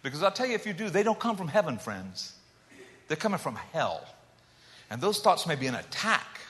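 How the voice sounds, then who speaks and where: A man preaching a dramatic sermon, shifting between loud emphatic calls and hushed low asides. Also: sing-song, a little fast. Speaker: pastor. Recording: long hall reverb.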